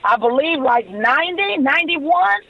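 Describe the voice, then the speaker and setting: This woman in her forties is a podcast guest, animatedly telling stories and acting out the quoted dialogue. Her voice sits high with vocal fry, and she speaks at a moderate pace. The recording is dull and lo-fi.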